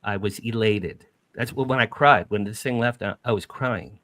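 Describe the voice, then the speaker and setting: A middle-aged man from New Jersey, a podcast guest, telling an emotional first-person story with animated, emphatic repetition. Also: lowish voice, moderate pace, no room sound.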